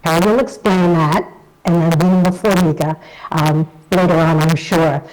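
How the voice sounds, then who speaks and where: A woman's voice: sits low, fairly even intonation, measured pace, poor audio. A woman with an American accent giving a chatty, enthusiastic recorded video message to a conference as an association chief executive. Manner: warm, chatty and enthusiastic, with light self-deprecating humour. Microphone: self-recorded video message.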